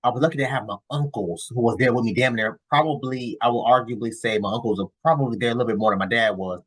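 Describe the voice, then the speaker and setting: A man's voice: medium pitch, fast, husky. A man giving casual reaction commentary on a clip, blunt and cursing, rambling with restarts.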